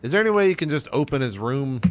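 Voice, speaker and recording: A man voicing a male ship captain who talks briskly and reassuringly to his crew. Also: medium pitch, sing-song, close to an everyday voice.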